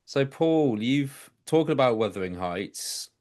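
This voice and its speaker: A man's voice: mid-range voice, lively intonation, a little slow, a little mellow. A man guesting on a film chat, eager and playful with wordplay. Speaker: guest editor-in-chief. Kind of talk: casual film review chat.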